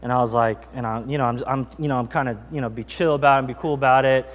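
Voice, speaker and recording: A man's voice: medium pitch, steady tone, fast talker, big-room sound. A man preaching a sermon as pastor, telling a story in a loose, chatty way with many fillers. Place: church sanctuary.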